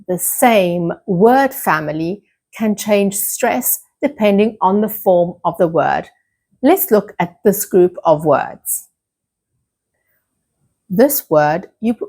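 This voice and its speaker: A woman with an Italian accent teaching an online English pronunciation lesson, carefully repeating each word for practice. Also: medium pitch. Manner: slow, deliberate, repeats words for practice.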